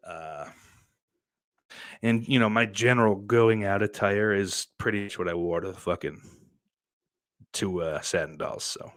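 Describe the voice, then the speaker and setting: A young man hosting a podcast, telling a story in a rambling, casual way, swearing often, with lots of fillers and sudden loud bursts. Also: on the low side, moderate pace, long pauses, no room sound. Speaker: podcast host.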